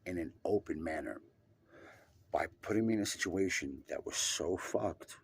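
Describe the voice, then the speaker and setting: A man telling a personal story in an emphatic, profane way, swinging between loud and hushed. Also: sits low, animated, normal speed, vocal fry, breathy edge, no echo.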